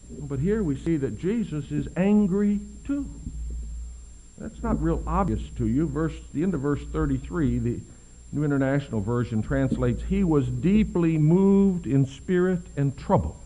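Preaching with dramatic contrast, a man moves from soft, hushed tones to loud, emphatic peaks and slows down to underline crucial words. The sound quality is poor.

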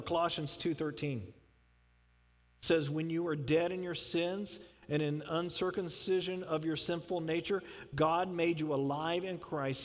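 A man preaching a sermon as pastor, emphatic and rising into fervent appeals, then closing in prayer. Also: on the high side. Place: church sanctuary. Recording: long hall reverb.

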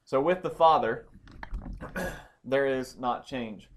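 A man's voice: mid-range voice, slow pace, a little hiss or hum. A man teaching a Bible study lesson, explaining Greek grammar step by step with frequent ums and restarts.

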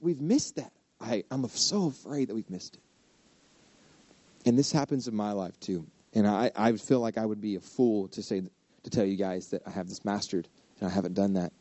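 A man preaches in a relaxed, conversational way. His voice is mellow and sits at an ordinary pitch. He acts out inner voices as he goes. The sound is dry and a little dull, like a lo-fi recording. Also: no room sound. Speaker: pastor. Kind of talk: casual sermon.

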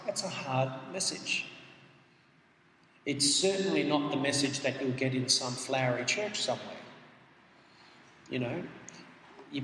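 Emphatic preacher in an echoey hall. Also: male voice, a little high, a bit bright. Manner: earnest, emphatic, reads scripture aloud. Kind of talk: sermon. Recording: echoey hall with faint noise.

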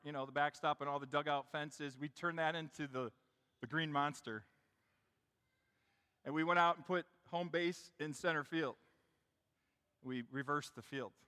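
A man's voice: on the high side, sharp tone, big-room sound. A middle-aged man preaching a sermon in a church, telling a story in a conversational way and speaking straight to the congregation. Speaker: pastor. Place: church sanctuary.

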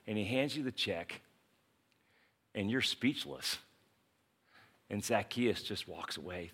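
Male pastor, bright voice, animated storytelling sermon, acts out the characters. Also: on the low side, measured pace, long pauses, breathy edge.

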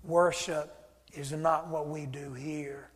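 A man's voice: fairly high pitch, fairly even intonation, takes it slowly. A man pastor, preaching a sermon and acting out both sides of a conversation as he tells a story. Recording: church hall reverb.

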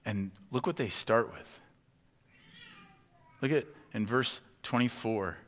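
A male pastor delivers a sermon at a middle pitch in a church hall. He moves from calm explanation to loud, animated acted-out reactions. A long hall reverb trails every phrase. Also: slow pace. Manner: animated, acts out imagined indignant reactions in a raised voice.

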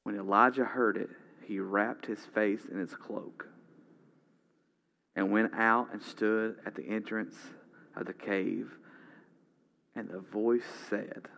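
A man preaching a sermon dramatically, rising loud and then dropping to a hush. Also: fairly low pitch, fairly even intonation, slow, creaky. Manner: dramatic, swinging from loud to hushed.

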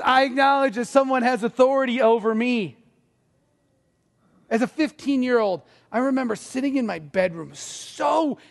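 A middle-aged man preaches from the pulpit, his voice pitched high and edged with fry. He mixes scripture with family stories in an easy, talky way. The sound hangs in the long reverb of a large sanctuary. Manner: conversational preaching with personal stories and laughs. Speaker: pastor. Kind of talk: sermon.

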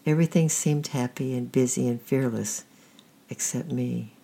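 A storyteller reading a first-person storybook in a quiet, steady way with a creaky, husky voice. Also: medium pitch, moderate pace.

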